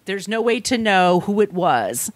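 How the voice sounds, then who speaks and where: A woman's voice: medium pitch, big pitch swings, a little slow, no echo. A woman co-hosting a podcast, telling a true crime story in a blunt, conversational way. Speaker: podcast co-host.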